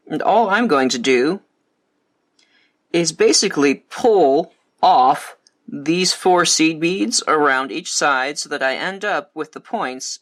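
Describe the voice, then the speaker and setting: A man leads a craft tutorial, walking through each step in a calm, methodical way. His voice sits a little high and sounds bright and clear, and the pace stays even throughout. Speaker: beading instructor.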